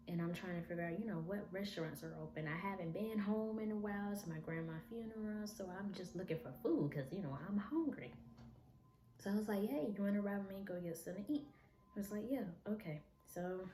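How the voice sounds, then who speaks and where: Woman, vlogger, low voice, candid emotional storytelling, blunt, echoey room, background noise. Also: warm tone. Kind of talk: personal storytelling. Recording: echoey room with noisy ambience.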